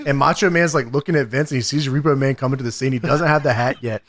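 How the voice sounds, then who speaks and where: A man co-hosting a podcast, recapping with animated, profane, laughing energy. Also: mid-range voice, fast talker, no room sound. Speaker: podcast co-host. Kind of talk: casual retro review chat. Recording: noisy podcast mic.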